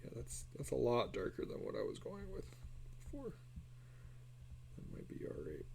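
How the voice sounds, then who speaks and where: A man's voice: medium pitch, huge pitch swings, moderate pace, creaky, darkish tone, a little hiss or hum. A man chatting casually and muttering self-deprecating remarks while he draws on a live stream. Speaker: artist streaming a live drawing session.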